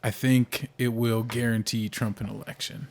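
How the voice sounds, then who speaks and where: A man's voice: medium pitch, flat delivery, normal speed, darkish tone. A young man from the United States co-hosts a casual podcast. He rambles through politics and movies, with plenty of "like" and "uh" and thoughts that start over partway through. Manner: rambling, frequent fillers and restarts. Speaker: podcast co-host.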